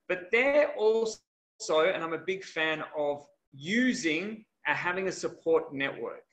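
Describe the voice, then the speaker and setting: Bright-voiced male coach on a video call. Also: fairly high pitch, animated, normal speed, roomy sound. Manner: earnest and conversational. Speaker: health and wellness coach.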